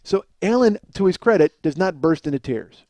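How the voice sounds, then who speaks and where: Guy on his podcast ranting and swearing thru a story, kinda high voice, super dry. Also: animated, normal speed, mellow, dry recording. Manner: profane, ranting, exasperated. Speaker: podcast host. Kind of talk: comedic storytelling monologue.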